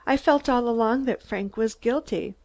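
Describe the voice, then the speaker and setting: A woman's voice: a little high, normal speed, darkish tone, pitched above the performer's own voice, natural voice. A woman voicing a stubborn, teasing young woman in an audiobook, her voice lilting upward.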